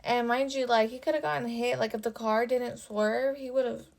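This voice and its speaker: Gravelly young woman telling a story. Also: fairly high pitch, fairly even intonation, moderate pace. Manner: casual and profane, with constant "like" fillers. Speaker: storytime vlogger. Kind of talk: casual storytime vlog.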